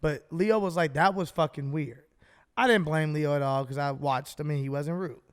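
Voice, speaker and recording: High-voiced animated storytelling man. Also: fairly quick, clean tone, long reverb tail. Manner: animated, profane storyteller who acts out both sides of phone calls. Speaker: podcast co-host. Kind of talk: casual storytelling chat.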